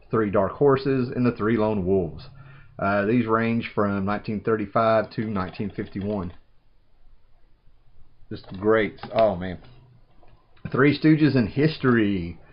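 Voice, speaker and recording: A man's voice: on the low side, slow. Rambling man, lo-fi. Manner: rambling, enthusiastic, says "man" often. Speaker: vlogger unboxing a package. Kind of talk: casual unboxing chat. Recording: dull lo-fi home recording.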